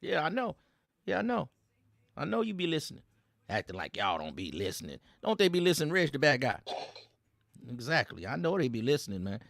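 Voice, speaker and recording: A man runs a mocking commentary rant, his voice gravelly and a touch raised in pitch. His delivery swings widely as he teases the listener in loose slang. The sound is dry and close. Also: sing-song, fairly quick, pauses often, a bit bright, dry recording. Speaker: host.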